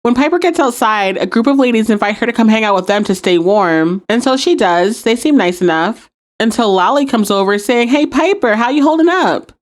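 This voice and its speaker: A woman's voice: mid-range voice, animated, fairly quick. Chatty, wry woman podcast host. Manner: chatty, wry, laughs often. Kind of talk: casual episode recap.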